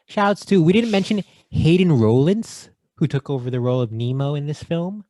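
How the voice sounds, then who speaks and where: A man co-hosting a casual movie podcast, joking and rattling off shout-outs. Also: fairly high pitch, lively intonation, moderate pace, no room sound. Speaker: podcast co-host. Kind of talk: casual chat.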